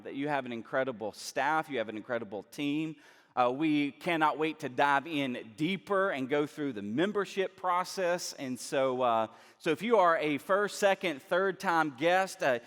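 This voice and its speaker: High-voiced Southern man preaching. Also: a bit bright. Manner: conversational, self-deprecating humor. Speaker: guest preacher. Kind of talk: sermon. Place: church sanctuary. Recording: reverberant church hall.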